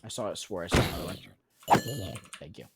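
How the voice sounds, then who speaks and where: Talking back to his chat on a gaming stream, this young adult from the United States rambles and jokes in a deep voice at normal speed. Loud keys and clicking mice make for heavy background noise.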